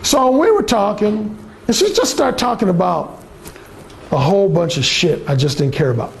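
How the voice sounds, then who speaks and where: A man's voice: high voice, lively intonation, normal speed, gravelly, a little hiss or hum. A man giving a live talk to a small audience, telling stories bluntly and with profanity, and acting out other people's lines. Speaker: dating coach giving a talk. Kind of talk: live seminar storytelling to a room.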